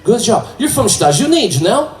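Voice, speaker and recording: A man's voice: very high-pitched, big pitch swings, fast talker, darkish tone, far from the mic, voice pushed up. A man doing a friendly, pestering Portuguese-Canadian man with a heavy Portuguese accent, in a stand-up set. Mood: friendly, eager. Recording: roomy live club with crowd.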